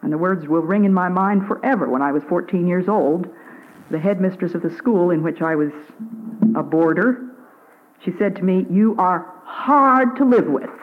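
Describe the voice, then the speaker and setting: An older woman giving a devotional talk on the radio, earnest and measured, pausing to stress single words. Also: lowish voice, narrow, tinny audio. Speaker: Christian speaker.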